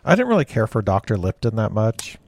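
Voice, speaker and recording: A man co-hosting a casual movie podcast, talking in a laid-back, low-key way. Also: wildly swooping pitch, fairly quick, darkish tone, no room sound. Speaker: podcast co-host.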